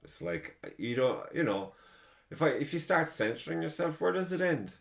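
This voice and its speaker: A man's voice: a little high, sing-song, normal speed, gravelly. An Irish man hosting a podcast, telling rambling, profane stories in a casual chat. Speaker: podcast host.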